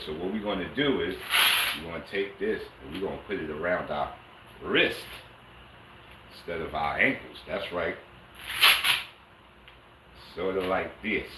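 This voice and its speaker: A man with a low-sitting voice teaches a martial arts lesson on a livestream, speaking casually and streetwise as he coaxes his viewers along. The audio is very noisy, captured from a distant mic in an echoey room.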